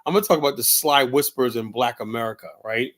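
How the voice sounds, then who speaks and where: A male show host delivers solo commentary in a mid-pitched voice, sounding tired. His talk rambles through repeated fillers and false starts, with a mocking, combative edge. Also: fast, a bit bright. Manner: rambling, heavy on fillers and restarts. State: tired, yawning.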